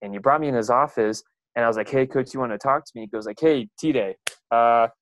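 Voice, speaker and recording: A man's voice: medium pitch, racing, fairly bright tone, a little hiss or hum, rough recording. A young man, a runner, telling rambling stories about his coach with lots of fillers and laughs. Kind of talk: casual storytelling.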